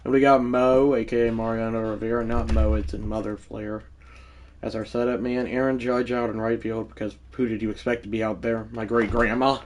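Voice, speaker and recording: A man's voice: lowish voice, level tone, fairly quick. A man live-streaming a video game, commenting on the play and talking to his chat in a rambling, easily irritated way. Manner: talks to chat, easily frustrated, rambling asides.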